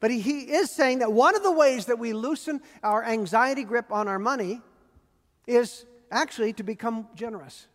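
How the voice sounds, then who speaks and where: An older man preaching a sermon as a pastor, earnest and warm, stressing and repeating key phrases. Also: very high-pitched, moderate pace. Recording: long reverb of a large hall.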